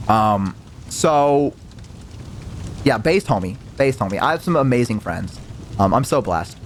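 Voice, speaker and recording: A young man telling a casual story, animated, acting out the voices in it, with lots of fillers and casual swearing. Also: medium pitch, a little slow, long pauses, a little hiss or hum. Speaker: VTuber storyteller.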